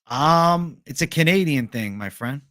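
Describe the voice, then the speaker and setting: A man's voice: a little high, animated, a little slow, bright, forceful tone, dry recording, clean studio sound. A young man hosting a casual livestream, reading viewer questions aloud in a laid-back, profane bro manner. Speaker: livestream host.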